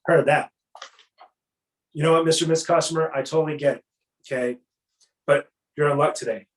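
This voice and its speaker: Energetic man coaching salespeople, echoey room. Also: a little high, brisk. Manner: energetic, acts out customer dialogues. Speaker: sales trainer. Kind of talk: casual sales coaching talk.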